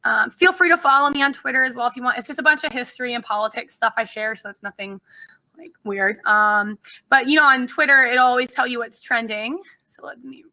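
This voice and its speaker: A woman lecturing a class in a loose, conversational way, often stopping for an um or an uh. Her voice is very bright and sits a little high. It is picked up from across a classroom. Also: fairly quick, distant mic, poor audio. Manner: chatty, loose, with frequent ums and uhs. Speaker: instructor.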